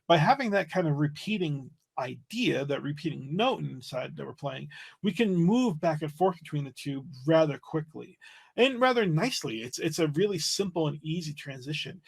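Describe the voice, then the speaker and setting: A man teaching a livestream flute lesson, explaining in a relaxed way and checking in with "right?" as he goes. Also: a little high, normal speed, vocal fry, slightly rough.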